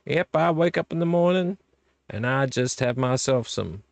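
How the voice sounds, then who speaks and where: A man's voice: medium pitch, expressive, moderate pace, gravelly, no echo. A man voicing a blood-bathing countess in a put-on American southern accent, with a playful, folksy drawl.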